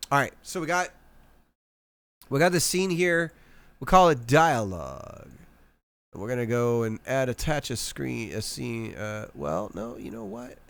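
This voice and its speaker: Laid-back man coding out loud. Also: expressive, unhurried, no echo. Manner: low-key, thinking aloud, self-mocking. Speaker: streamer. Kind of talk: live coding commentary.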